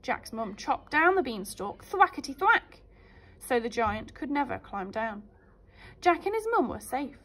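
Woman teacher, reading storybooks to infants, animated and high. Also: measured pace. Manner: animated, sing-song storytelling. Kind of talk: storybook reading for young children.

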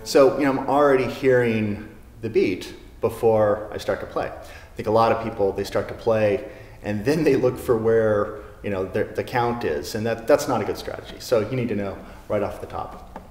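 A man giving a casual guitar lesson in a showroom, talking in a relaxed way with many fillers. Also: fairly low pitch, moderate pace, roomy sound, long reverb tail. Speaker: guitar teacher. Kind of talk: casual spoken music lesson. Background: classical guitar playing.

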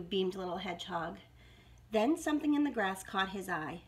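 A woman's voice: medium pitch, lively intonation, moderate pace. A woman reading a storybook aloud to young children in a sing-song manner.

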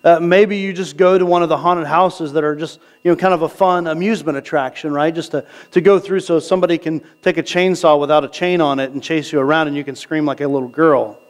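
A male pastor preaching a sermon in a casual, conversational way, often checking in with the congregation and slowing down to read scripture. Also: fairly high pitch, fairly even intonation. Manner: conversational preaching, asks the crowd "right?"; reads scripture slowly. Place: church sanctuary.

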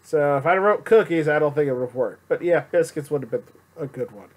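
A young man with a fairly high-pitched voice offers casual commentary while playing a game show video game. He talks briskly, chatting playfully and rambling as he goes.

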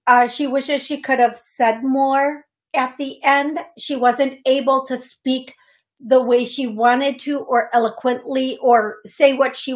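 A woman who hosts a psychic medium radio show, talking chattily and with feeling to a caller, often pausing with fillers. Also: sits high. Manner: chatty, emotional, warm-hearted, uses fillers. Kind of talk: call-in reading on radio. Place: radio studio.

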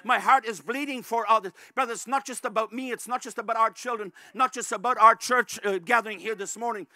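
A male pastor preaching a fervent sermon, repeatedly addressing the congregation as brethren and rising to shouts at the peaks. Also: very high-pitched, fairly quick, no room sound. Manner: rises to shouts at climaxes.

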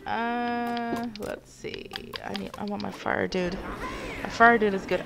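A young woman commentating her live game stream, muttering quietly and then yelling at teammates. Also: medium pitch, fairly even intonation, takes it slowly, vocal fry, slight background noise. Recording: game music behind voice.

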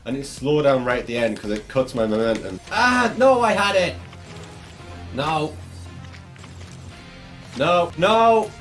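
A man's voice: fairly high pitch, unhurried, pauses often, faint music behind. A young man giving frustrated, swearing let's play commentary while gaming. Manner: frustrated, swearing, shouting at the game. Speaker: gaming YouTuber.

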